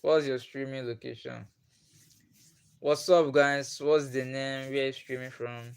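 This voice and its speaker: A man's voice: mid-range voice, fairly even intonation, unhurried, creaky, smooth. A young Nigerian man with a Nigerian accent, casually chatting with viewers on his live stream, greeting them by name and laughing often. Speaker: livestream host.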